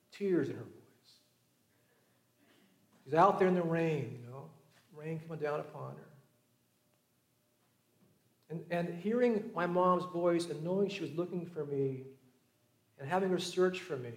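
High-voiced man preaching in an echoey room. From Southern California. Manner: storytelling, acting out voices, shifts from lively to hushed. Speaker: pastor. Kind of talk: sermon.

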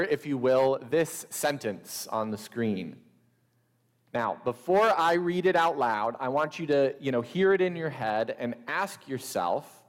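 A man preaching a sermon, deliberate and measured, with a few wry asides to the congregation. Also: mid-range voice, long reverb tail. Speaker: pastor.

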